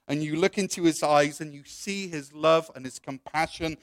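A man's voice: on the high side, moderate pace, hardly any pauses, no echo. Dry-sounding male preacher, storytelling. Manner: storytelling, second person, with soft quoted voices. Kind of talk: sermon illustration and prayer.

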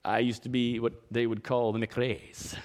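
A man preaching a sermon, swinging between emphatic outbursts and quiet asides, reading out scripture. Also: mid-range voice, little pitch movement, measured pace. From Scotland. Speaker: pastor.

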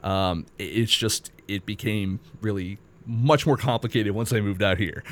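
A man with a fairly low voice chats easily as a podcast guest. He rambles in a personable way, restarting sentences as he goes. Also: expressive, a little slow, fairly bright tone. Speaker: guest, indie film critic. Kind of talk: casual podcast chat.

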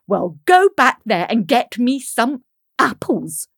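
A screeching, spoiled storybook girl, as a woman puts her on, demanding and shrill. Her voice jumps high and loud when she shouts. Dry close recording. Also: very animated, takes it slowly, gravelly, husky, no room sound, heavily acted.

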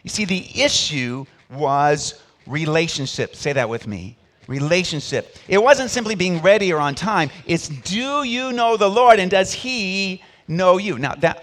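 Lively-voiced man preaching a sermon. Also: on the high side, moderate pace. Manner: preaching with sharp rises and drops in volume, call-and-response. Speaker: pastor.

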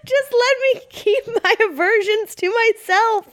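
A young woman co-hosting a podcast, telling a story in an animated way, laughing and acting out the people in it. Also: very high voice, a little slow. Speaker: podcast co-host. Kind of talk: casual chat.

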